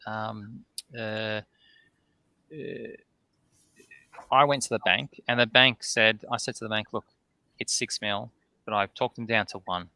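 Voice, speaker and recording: A man's voice: fairly low pitch, fairly even intonation, measured pace, creaky, pauses often, bright, forceful tone. A man, a distillery owner, telling a long anecdote on a podcast, acting out both sides of old conversations and ending many sentences with "right?". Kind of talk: casual storytelling in a podcast interview.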